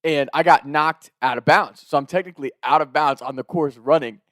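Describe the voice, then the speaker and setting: A young man telling a story in a casual, animated, profane way, laughing as he goes. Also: on the high side, brisk, no echo, clean studio sound.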